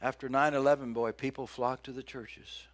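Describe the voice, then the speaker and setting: A middle-aged man preaching a sermon as pastor, folksy and joking, with big loud swings when he acts out cries. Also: medium pitch, little pitch movement, moderate pace.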